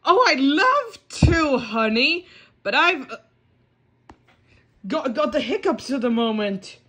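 A woman doing Kipper, a high whiny puppy. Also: sing-song, bright, forceful tone, exaggerated voice. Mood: flustered. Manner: high, slow, whiny and flustered. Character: young male puppy with the hiccups, fretful. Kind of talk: puppet show acting.

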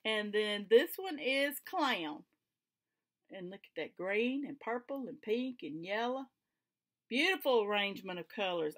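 Bright chatty Southern woman. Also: fairly high pitch. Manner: chatty, homey and enthusiastic, with colloquial grammar. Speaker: flosstube vlogger. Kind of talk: casual chat to camera. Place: home craft room.

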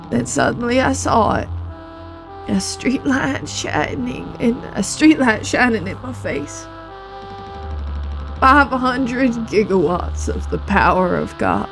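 A woman's voice: on the high side, low-quality recording. A woman reading as a bitter former-drunk man. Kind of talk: reading game dialogue aloud.

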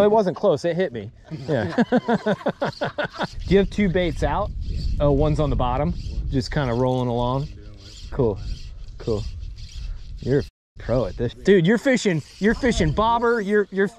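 A man's voice: high-pitched, expressive, measured pace, pauses often, darkish tone. A man hosting his own fly fishing videos, talking in a casual, joking way and laughing often. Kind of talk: casual vlog narration and on-river banter.

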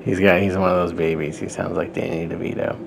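A man with a low voice chats his way through a recap of a fan story series, breaking into laughter and clearing his throat often. He restarts sentences and adds offhand asides. A faint room ambience hums underneath. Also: flat delivery, quick pace, slight background noise. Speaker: podcast host.

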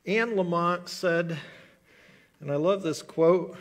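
A man's voice: sits high, takes it slowly, long pauses, big-room sound. A man pastor preaching a sermon in earnest, acting out prayers and the voice of a bitter person. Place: church sanctuary.

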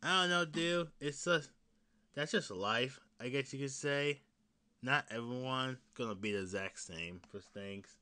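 A young man hosting his own podcast, chatting casually in a rambling, laughing way, with frequent restarts and swearing, jumping between loud excited bursts and low mutters. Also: unhurried, slight background noise. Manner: excited fan talk that drops to mutters and whispers. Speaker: podcast host. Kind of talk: casual solo podcast chat.

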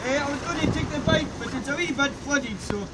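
High-voiced man in the rain. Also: brisk. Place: outdoors in heavy rain. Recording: loud wind and rain noise.

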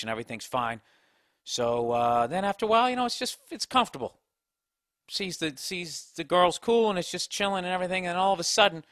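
A man's voice: on the high side, fairly bright tone, dry recording, studio quality. A man hosting a podcast, rambling through a profane comedic story and talking to his dog. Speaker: podcast host. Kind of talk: casual comedic monologue.

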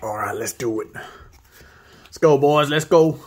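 A man hosting a video where he opens trading card packs, reading off each card and breaking into excited high exclamations at the good ones. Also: measured pace, slight background noise. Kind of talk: casual pack-opening commentary.

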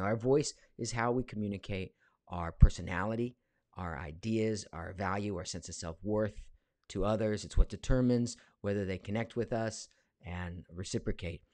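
A man's voice: on the low side, moderate pace, darkish tone, dry recording. A man in his forties, a voice actor, chatting casually on a live stream from his home studio, reading viewer questions aloud with lots of fillers. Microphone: studio mic.

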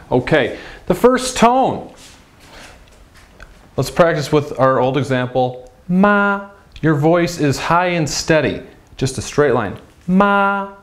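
Young man, language teacher, unhurried delivery, middle pitch, exaggerated pitch demonstrations, patient repetition. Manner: patient, repeats words slowly. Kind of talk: whiteboard lesson.

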